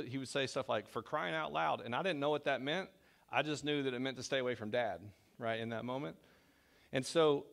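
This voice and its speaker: This middle-aged pastor's sermon in the church sanctuary comes in a medium-pitched, fairly bright voice with vocal fry. He talks conversationally, pokes fun at himself, and tends to restart sentences.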